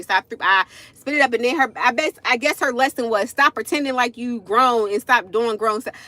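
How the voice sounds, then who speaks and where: A woman's voice: on the high side, fairly bright tone, dry recording. Chatty forty-year-old woman telling a story to viewers. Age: 40s. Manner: chatty, addresses viewers as y'all, frequent asides. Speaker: livestream storyteller. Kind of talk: casual storytime livestream.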